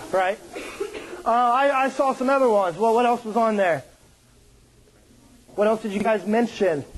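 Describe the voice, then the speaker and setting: A male pastor preaching a sermon, with joking, animated storytelling and playful put-on voices. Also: high voice, poor audio.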